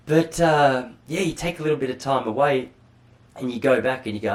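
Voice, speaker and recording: A man's voice: mid-range voice, fairly quick. An Australian man hosting a podcast alone, chatting in a rambling, self-deprecating way with casual swearing. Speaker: podcast host. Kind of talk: solo casual monologue.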